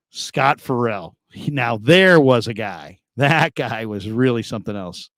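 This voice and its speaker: A man's voice: mid-range voice, lively intonation, a little slow, a bit bright, no room sound. A man hosting sports talk radio, reading listener comments in a loose, rambling way with plenty of laughs and repeated phrases.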